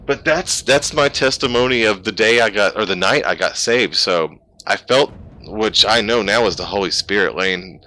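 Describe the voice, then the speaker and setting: Emotional man with a bright, forceful voice. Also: lowish voice, normal speed, slight background noise. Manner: heartfelt and emotional, rambling with restarts. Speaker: pastor and gaming streamer. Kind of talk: personal testimony on a live game stream. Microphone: gaming headset.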